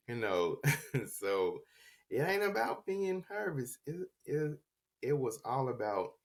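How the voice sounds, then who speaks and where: A man with a very low, gravelly voice tells his own story slowly and unhurriedly. He stutters, repeating and restarting words, in a reflective, confessional podcast tone. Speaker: podcast host telling his life story. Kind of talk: personal storytelling.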